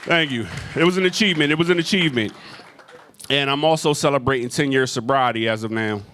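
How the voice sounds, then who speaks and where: A man's voice: medium pitch, fast talker, a bit bright, a little hiss or hum. A man doing a stand-up comedy set in a club, telling a profane story with lots of crowd work.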